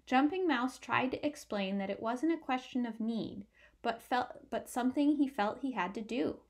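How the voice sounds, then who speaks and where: Woman reading a kids story out loud, a bit high, clear and expressive. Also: normal speed. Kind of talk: picture-book read-aloud.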